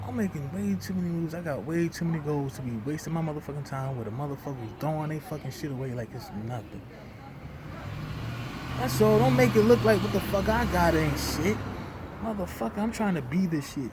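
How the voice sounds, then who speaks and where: A young man, venting in a heated, profane rant that swings between loud outbursts and low muttering. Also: background noise.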